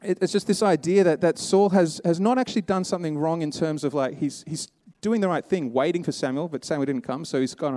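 A man's voice: a little high, a little fast, few pauses, dark tone, no echo. A man preaching a sermon, telling a Bible story in a casual, conversational way and voicing the characters' lines.

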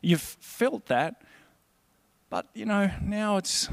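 In a slightly higher, gravelly voice, a man delivers an earnest, conversational sermon at a slow, animated pace. The recording is dry and close, with no room sound.

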